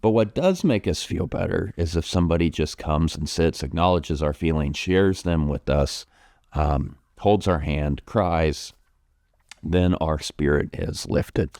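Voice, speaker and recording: A pastor with a low, deep voice and an American accent talks through a congregation's question in a gentle, reflective manner. He pauses with ums and restarts his thoughts as he goes. The sound is dry and close, with no room echo. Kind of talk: pastoral Q&A talk.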